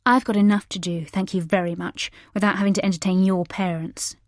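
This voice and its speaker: A woman voicing an irritable, scheming young mother in an audiobook, with a sharp, sarcastic manner. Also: mid-range voice, steady tone, brisk, no echo, clean studio sound, natural voice.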